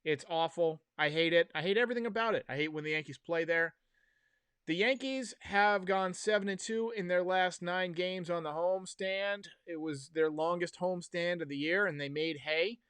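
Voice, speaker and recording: A man's voice: sits high, normal speed, a bit bright, clean tone, dry recording. A man hosting a casual sports livestream, chatty, wry and opinionated as he talks to his viewers. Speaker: podcast host. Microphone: headphones and desk mic.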